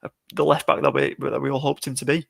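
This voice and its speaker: A man on a podcast panel, eager, chiming in with quick short replies. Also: medium pitch, flat delivery, creaky, breathy edge, no echo, clean studio sound. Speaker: panel pundit. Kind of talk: casual podcast chat.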